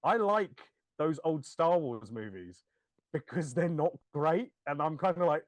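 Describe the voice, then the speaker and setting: A man's voice: a little high, unhurried, no echo. A man, chatting casually as a podcast co-host, laughing and acting out quoted lines. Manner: animated, laughing, swears, acts out quoted lines. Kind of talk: casual chat.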